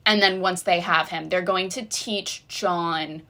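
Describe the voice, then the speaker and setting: A woman's voice: lowish voice, fairly even intonation, slow pace, few pauses, pushed and bright. A young woman recapping a TV season in a casual, sarcastic, rambling way, full of "like" and "girl". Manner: chatty and sarcastic, heavy use of "like" and "girl". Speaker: recap video host.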